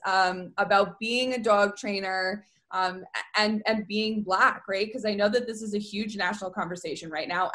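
A woman's voice: medium pitch, fairly bright tone. A woman hosting an interview, talking in an earnest, chatty way with many "like" and "um" fillers. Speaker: host. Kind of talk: conversational interview.

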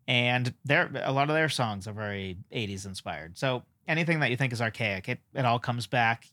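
A man's voice: mid-range voice, fairly bright tone, dry recording. Rambling man with a dry close sound. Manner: rambling, self-deprecating, frequent fillers. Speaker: podcast host. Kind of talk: casual solo podcast talk.

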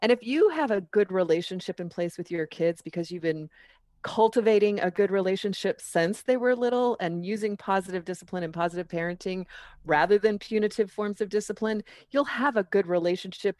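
A woman's voice: mid-range voice, fairly quick, a little mellow, dry recording, clean studio sound. A middle-aged woman who teaches parenting, chatting casually and acting out her own lines and her child's as she tells a story. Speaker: parenting educator. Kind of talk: casual chat.

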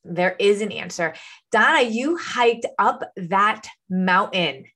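A woman's voice: mid-range voice, expressive, slow, sharp tone. A woman who hosts as a nutrition coach, encouraging and persuasive as she interviews a client.

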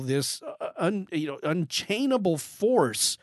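A man teaching through a Bible passage in an earnest, emphatic way, often doubling back on his words for stress. His voice sits somewhat high. The sound is dry and close, with no room echo. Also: lively intonation, normal speed, few pauses, darkish tone. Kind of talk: Bible study teaching talk.

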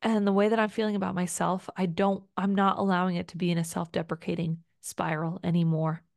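A woman's voice: fairly low pitch, level tone, fairly quick, vocal fry, a little mellow, no room sound, studio quality. A young adult woman hosting a solo podcast, talking in an earnest, emotive, rambling way with many fillers. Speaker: podcast host.

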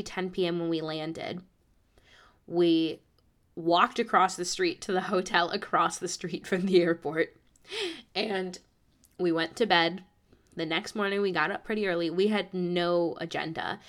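A young woman from the United States, a podcast host telling a travel story in a casual, animated way, acting out the people she quotes. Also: fairly low pitch. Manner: animated, acts out quoted voices.

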